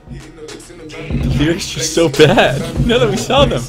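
Profane rambling streamer guy, fairly high voice, music playing softly behind. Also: normal speed. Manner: rambling, profane, swings from mumbling to excited. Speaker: livestreamer. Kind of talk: casual stream chat.

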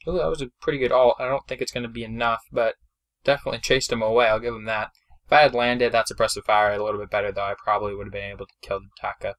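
A young man giving casual, chatty commentary over his own mobile game, excitable and self-deprecating, speaking into a desk mic. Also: medium pitch. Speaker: gameplay commentator.

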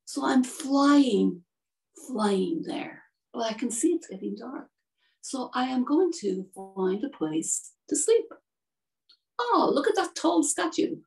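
A woman's voice: sing-song, slow, vocal fry, heavily acted. A woman putting on a chirpy little swallow. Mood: dreamy. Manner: high, bright bursts of surprise. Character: chirpy little male swallow, restless and chatty. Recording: distant from the mic.

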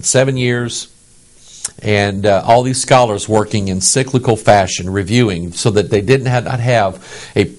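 A pastor from the United States preaching a sermon in an emphatic way, often checking in with his listeners. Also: medium pitch. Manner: animated, emphatic, asks the audience "okay?".

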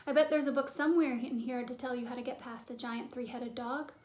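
A woman's voice: high-pitched, fairly even intonation, fairly quick, a little mellow, reverberant, natural voice. A woman voicing a loyal, eager young schoolboy who talks casually.

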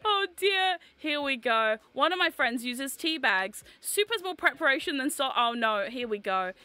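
A young woman hosting a casual livestream chat from home, excitable and quick to laugh. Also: sits high. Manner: excitable, laughs often, fast asides. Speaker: streamer host.

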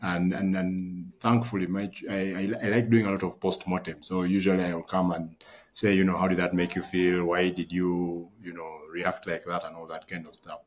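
A man's voice: low voice, little pitch movement, moderate pace. A man hosting a podcast, talking reflectively and thinking aloud with fillers. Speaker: podcast host. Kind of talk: casual conversation.

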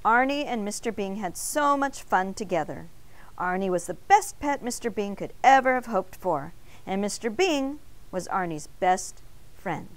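A woman teacher reading a picture book aloud in an expressive storytelling manner. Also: mid-range voice, unhurried.

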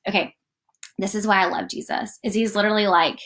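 A woman giving a casual morning devotional, chatty and animated, often saying "like" as she reads and talks. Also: mid-range voice, fairly quick. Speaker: church devotional leader.

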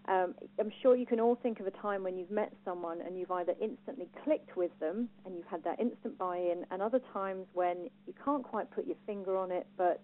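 Addressing a live audience, an Englishwoman with a Home Counties accent delivers a lively personal branding talk and asks the crowd questions. Her voice is mid-range at normal speed, captured with a thin, phone-like sound.

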